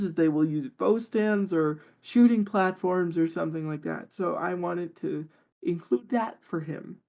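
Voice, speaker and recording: Rambly excited podcast guest talking about their character, fillers everywhere, kinda muffled lo-fi sound. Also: mid-range voice. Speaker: guest, tabletop player. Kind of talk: casual interview chat.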